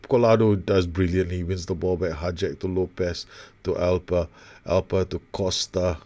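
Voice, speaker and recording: A man's voice: sits low, fairly even intonation, moderate pace, dark tone. A man commentating on his own football management game, groaning and exasperated at his team. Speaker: gaming YouTuber.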